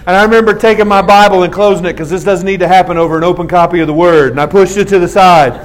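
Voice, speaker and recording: A man's voice: sits high, fairly even intonation, fast talker. A man in his forties preaching to a young audience, telling a story with comic self-mockery and acting out the scenes. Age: 40s. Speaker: youth speaker. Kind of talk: storytelling sermon.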